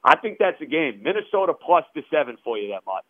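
A man co-hosting sports radio, giving candid, measured picks. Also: fairly high pitch, big pitch swings, no room sound, narrow, tinny audio.

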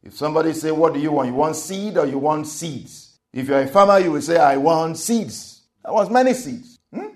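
A man preaching a sermon, repeating each point and swinging between soft and loud emphasis. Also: fairly high pitch, animated, brisk, few pauses.

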